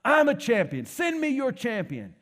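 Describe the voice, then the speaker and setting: A preacher voicing a giant male warrior champion who shouts a taunting challenge across a valley. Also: very high-pitched, huge pitch swings, moderate pace, voice pushed up, heavily acted.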